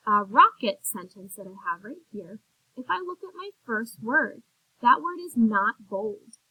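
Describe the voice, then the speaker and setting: A woman teaching a recorded phonics lesson to young children, sounding out words slowly and clearly in an encouraging teacher's manner. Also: on the high side, pushed and bright, dry recording, rough recording.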